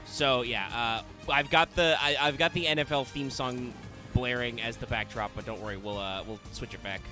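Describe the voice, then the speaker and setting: With music playing in the background, a man hosts a casual gaming podcast, chatting away and ribbing his co-hosts with mock insults. His voice is mid-range and his pace is normal, and the whole thing is playful banter.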